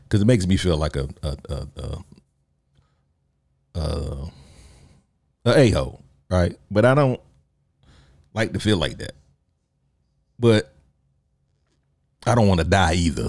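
A man's voice: rumbling low, vocal fry, darkish tone, no echo, studio quality. A man hosting a solo podcast, talking casually in a joking, rambling way and laughing often. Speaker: podcast host.

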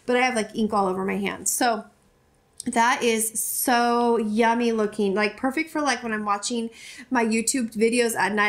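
A chatty woman in her forties opens gifts on camera, gushing and thanking her viewers. She talks in a casual, rambling way, full of restarts and fillers. Her voice sits a little high. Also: a bit bright. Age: 40s. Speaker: YouTuber opening gifts. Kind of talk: casual unboxing chat to camera.

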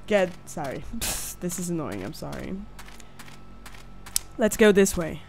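A woman's voice: on the low side, big pitch swings, unhurried, vocal fry, pauses often, a little mellow, a little hiss or hum. A young woman hosting a horror game let's play, screaming and squealing when scared, swearing, laughing nervously and apologizing to viewers. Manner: apologetic, chatty outro to viewers. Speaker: gaming channel host.

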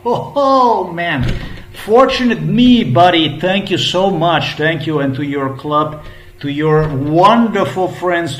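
A man in his fifties translating an interview clip while ranting, profane, mocking and repetitive. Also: on the high side. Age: 50s. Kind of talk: angry sarcastic rant. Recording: echoey room.

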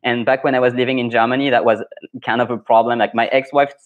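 A man with a French accent talks through viewer comments on his live stream at a middle pitch. His tone is frank and chatty, and his opinions come out plainly as he moves from one comment to the next. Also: flat delivery, fast, phone-quality sound. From France. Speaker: French pronunciation coach hosting a live stream.

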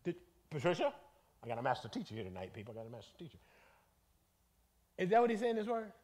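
A man leading a Bible study as bishop, preaching in an animated, folksy way and calling out to the congregation. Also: a little high, quick pace. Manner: animated, conversational, calls out to the congregation; colloquial, folksy phrasing.

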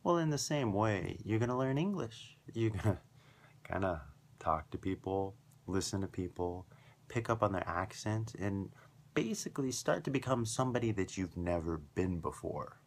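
A man's voice: lowish voice, expressive, moderate pace. A man hosting a scripted podcast lesson, upbeat and emphatic, building his points through repetition. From foreigner living in Japan. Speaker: English teacher and podcast host.

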